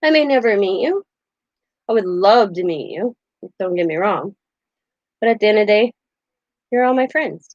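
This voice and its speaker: Older woman, live-stream host, chatty and quick to laugh; dull, dry home recording. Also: mid-range voice, animated, darkish tone, dry recording. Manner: chatty, laughs often, acts out quotes. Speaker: craft channel host. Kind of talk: casual live-stream chat.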